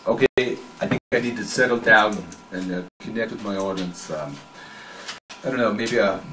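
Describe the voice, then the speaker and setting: A man's voice: lowish voice, natural voice. A man playing a rambling, cranky radio host. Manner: halting and rambling, full of fillers and restarts; abrupt outbursts barking orders. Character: rambling, cranky male talk radio host, middle-aged. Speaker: comedy performer. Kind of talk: spoof talk radio monologue. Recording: echoey room with background noise.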